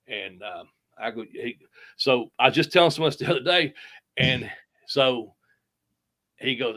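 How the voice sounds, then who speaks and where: A middle-aged man, a retired wrestler telling profane, animated stories with sound effects. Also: medium pitch, moderate pace, pauses often. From United States. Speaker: retired pro wrestler, guest. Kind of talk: casual storytelling interview.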